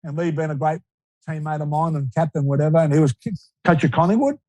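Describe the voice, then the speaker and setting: A man's voice: fairly high pitch, quick pace, mellow, dry recording, poor audio. A man in his sixties with an Australian accent, a retired footballer telling stories in a casual, rambling interview style. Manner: rambling, repeats words, laughs easily.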